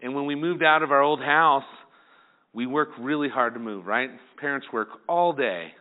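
A male pastor preaching a sermon, lively and acting out the people in the story. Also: mid-range voice, normal speed. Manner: animated, acts out the people in the story. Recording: tinny phone-like sound.

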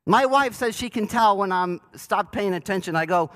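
A man's voice: sits high, moderate pace, a bit bright, low-quality recording. A man preaching a sermon to his church in a conversational, self-deprecating way, asking the congregation questions. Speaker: pastor. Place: church sanctuary.

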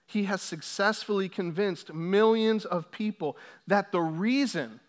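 A man with a high, bright-toned voice preaching to his congregation. He speaks steadily, then swells into forceful, emphatic runs whenever he quotes scripture. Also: animated, moderate pace, hardly any pauses. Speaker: pastor. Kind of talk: sermon. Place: church sanctuary.

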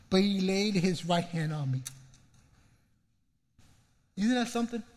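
A man preaching a sermon, reading scripture with fervour and stretching out key phrases. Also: on the high side. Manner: fervent, slows and swells on scripture lines. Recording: long hall reverb.

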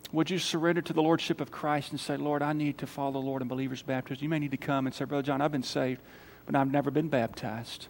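A man preaching a sermon as pastor, emphatic, swinging between loud calls and quiet appeals. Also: medium pitch, steady tone, fast talker, creaky, hardly any pauses. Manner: emphatic, rising to loud calls then dropping soft for prayer. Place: church sanctuary. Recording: church hall reverb.

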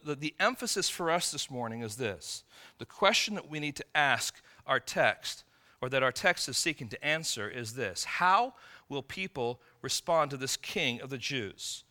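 A man's voice: medium pitch, bright, forceful tone. A man preaching a sermon, teaching through a passage with rhetorical questions and frequent restarts. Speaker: pastor.

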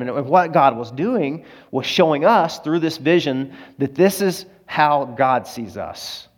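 A male pastor delivering a sermon in a fairly high voice. He shifts between forceful, emphatic lines and quiet, low passages. He sounds moved, almost to tears. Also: slow pace, hardly any pauses. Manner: expressive, swings between loud emphasis and hushed low delivery; emotional, close to tears.

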